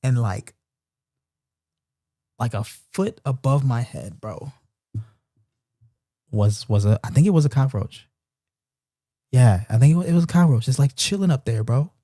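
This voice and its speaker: A man tells a story in a loose, animated way, full of slang and restarts. His voice is mellow and warm at a medium pitch. The sound is dry and close, with little room echo. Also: measured pace, long pauses. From Baltimore. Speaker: host of a Bible reading stream. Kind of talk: casual storytelling chat. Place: apartment in Japan.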